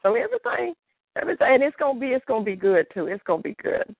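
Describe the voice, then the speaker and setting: A woman giving a rambling church testimony, halting with fillers and restarts and breaking into praise to God. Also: medium pitch, lively intonation, no room sound, phone-quality sound.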